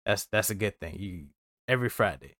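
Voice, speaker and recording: A man's voice: on the low side, lively intonation, a little fast, a bit bright, dry recording. Earnest, slangy man on a dry mic. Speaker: podcast co-host. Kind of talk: casual motivational podcast chat.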